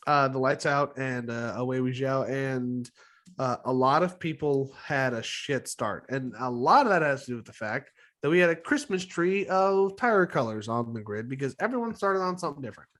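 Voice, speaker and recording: A man's voice: mid-range voice, animated, moderate pace, fairly bright tone. A man co-hosting a podcast in casual, rambling chat, swearing freely. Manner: rambling, profane, chuckling. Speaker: podcast co-host.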